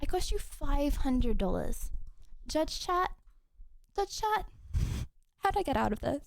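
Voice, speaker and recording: Bubbly high-voiced woman streamer. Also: big pitch swings, slow pace, creaky, long pauses. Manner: bubbly, giggly, cheering chat on. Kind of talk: casual live-stream chat.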